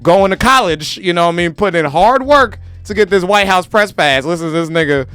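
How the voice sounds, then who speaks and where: A man's voice: sits high, expressive, brisk, a bit bright, smooth, no echo, faint music behind. A man hosting his own show, ranting animatedly to camera in a profane, comedic way and slipping into mocking voices. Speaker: show host.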